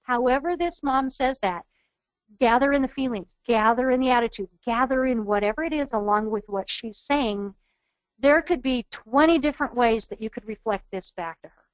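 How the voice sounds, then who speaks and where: A woman's voice: fairly high pitch, moderate pace, dry recording. Woman coaching over dull webinar audio. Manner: earnest, coaching, models phrases aloud. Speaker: trainer. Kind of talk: webinar training lecture.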